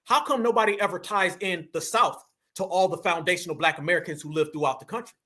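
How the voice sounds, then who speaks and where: A man's voice: sits high, fast. A man hosting a fiery commentary monologue, emphatic and preachy, calling his viewers fam. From New York. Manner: emphatic, preachy, animated, addresses audience as fam. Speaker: political commentary host.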